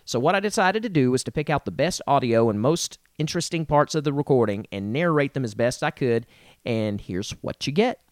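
A man hosting a casual comedy podcast, chatty and quick to laugh. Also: mid-range voice, lively intonation, no room sound, clean studio sound. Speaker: podcast host.

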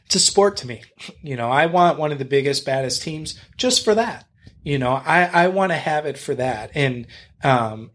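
A man's voice: medium pitch, a bit bright. A man being interviewed on a podcast as a real estate agent and investor, talking in a blunt, rambling, enthusiastic way and swearing freely.

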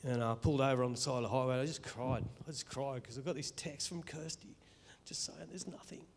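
A middle-aged Australian man giving an earnest, emotional spoken testimony in church, halting and restarting as he speaks. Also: mid-range voice.

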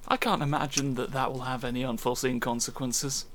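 A man's voice: mid-range voice, little pitch movement, brisk, a crowd in the background. A man co-hosting a podcast, talking in a polite, wry way. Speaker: podcast co-host. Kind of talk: comedic casual chat.

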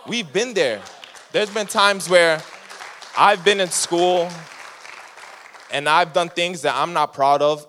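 A young male youth pastor with a slightly high voice delivers an animated sermon. He weaves in a personal story and acts out each character's lines. The sound carries the long reverb of a large hall.

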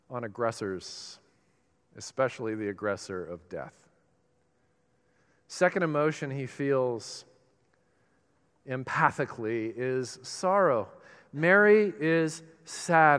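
Impassioned pastor preaching in a reverberant hall. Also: male voice, mid-range voice. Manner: impassioned preaching, swinging between loud emphatic bursts and soft, slow lines. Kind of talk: sermon.

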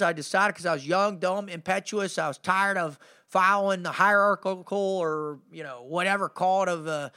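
High, bright-voiced energetic man. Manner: energetic, informal, peppers speech with "man" and "you know"; intense, emphatic storytelling. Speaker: podcast host and motivational speaker. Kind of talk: motivational storytelling.

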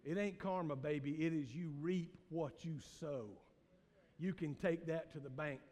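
A man with a Southern US accent, a pastor preaching a sermon in a church, swinging from loud shouts to hushed low tones. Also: moderate pace, long reverb tail. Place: church sanctuary.

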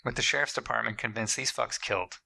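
A man tells a strange story in an easy, casual way, cursing freely. His voice is gravelly with a very bright, sharp edge. He keeps jumping into high, loud voices to act out the people in the story. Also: fast, rough recording. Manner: profane, animated, acts out quotes in jumped-up voices. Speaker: podcast co-host telling a story.

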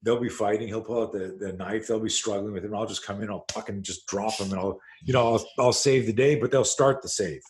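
Lowish-voiced man telling a profane story. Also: brisk, hardly any pauses. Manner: profane, animated storyteller who acts out scenes. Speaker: self-defense instructor, podcast guest. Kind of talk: storytelling in a conversational interview.

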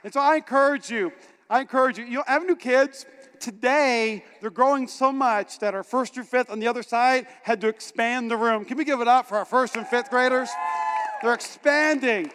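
A man who pastors a church, preaching a sermon in an animated, joking way and talking straight to his congregation. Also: very high-pitched, moderate pace, slight background noise. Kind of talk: energetic sermon. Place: large church hall. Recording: reverberant church hall.

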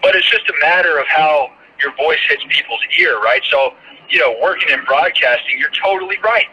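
A man's voice: fairly high pitch, normal speed, husky. A man from Georgia with a light Southern accent, talking animatedly as a broadcaster guest in a casual interview. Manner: animated, emphatic, storytelling with quoted voices. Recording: muffled lo-fi phone-like line.

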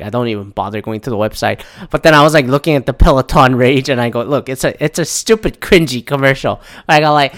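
A man's voice: medium pitch, a bit bright. A man hosting a casual solo podcast, rambling and sarcastic, swearing freely and restarting his sentences. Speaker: podcast host.

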